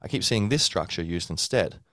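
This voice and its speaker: A man's voice: sits low, expressive, normal speed, a bit bright, dry recording, studio quality. A man hosting a podcast, explaining in a casual, rambling way with many fillers and restarts. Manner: acts out a learner's inner thoughts. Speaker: podcast host. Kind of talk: casual teaching monologue.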